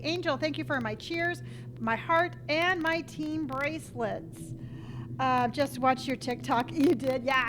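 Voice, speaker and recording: A high-pitched woman hosts a live stream from her home setup. She chats casually and cheerfully and greets her viewers in a playful, repetitive sing-song. A faint hum of ambient noise sits behind her voice. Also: a bit bright, rough recording. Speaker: livestream host.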